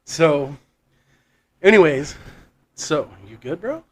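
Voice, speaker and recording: A man's voice: a little high, animated, takes it slowly. Rambling, profane podcast man. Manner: rambling and profane, with frequent restarts and laughs. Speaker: podcast co-host. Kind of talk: casual storytelling.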